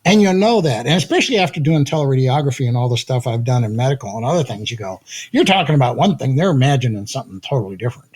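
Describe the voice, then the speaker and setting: An older man, a guest in an interview, telling animated stories with a slightly husky voice, acting out quotes and laughing often. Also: mid-range voice, very fast. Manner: lively anecdotes, acts out quotes, laughs often. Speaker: guest, audio company founder. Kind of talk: animated storytelling in conversation.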